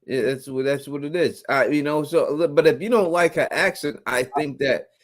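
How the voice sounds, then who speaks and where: A man's voice: on the high side, moderate pace. A man hosting a live call-in stream, talking bluntly and casually with slang. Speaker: host.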